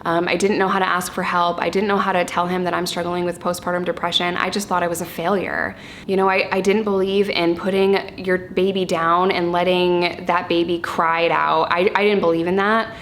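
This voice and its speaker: A woman in her thirties talking candidly and casually to camera about her parenting, chatty and quick to laugh. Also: lowish voice, little pitch movement, fairly bright tone, a little hiss or hum. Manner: candid, chatty, laughs easily, occasional swearing. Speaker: parenting vlogger.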